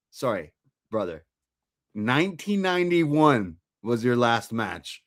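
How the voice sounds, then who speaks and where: A man's voice: medium pitch, sing-song, slow pace. A man co-hosting a casual film review podcast who swears freely and retells scenes with laughter.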